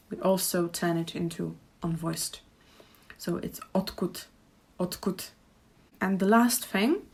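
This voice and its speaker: Slow, careful Czech-accented woman teacher. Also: on the low side, vocal fry, darkish tone, breathy edge. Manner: slow, careful demonstrations with repeated example phrases. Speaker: language teacher. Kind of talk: pronunciation lesson. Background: birdsong and traffic outside.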